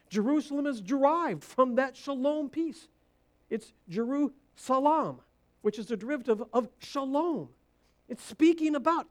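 A woman delivers a sermon, driving her points home with repeated phrases and shifting from quiet, low passages to loud, climbing bursts.

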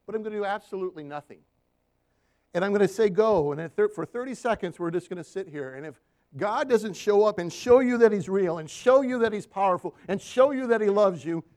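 Here a man preaches in a high-pitched voice at a fairly quick clip. Stories from his work as a counselor fill the sermon, told vividly, with repeated requests for the congregation's amens.

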